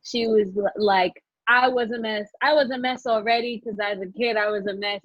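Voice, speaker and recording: A woman guest telling a story emotionally and excitedly over a video call from her phone. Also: on the high side, moderate pace, no room sound, highs cut off. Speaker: podcast guest. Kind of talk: casual video-call chat.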